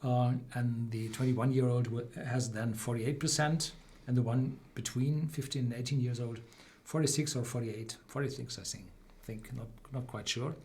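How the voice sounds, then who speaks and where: A man hosting a live whisky tasting, explaining slowly with many fillers and restarts. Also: medium pitch, fairly even intonation, a little mellow, a little hiss or hum. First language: German. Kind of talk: live-stream tasting chat.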